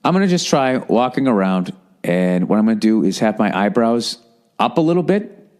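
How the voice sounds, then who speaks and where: A man's voice: fairly low pitch, big pitch swings, normal speed, a little mellow. A man hosting a podcast alone, ranting in a rambling, sardonic way and swearing often. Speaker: podcast host. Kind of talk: solo podcast rant.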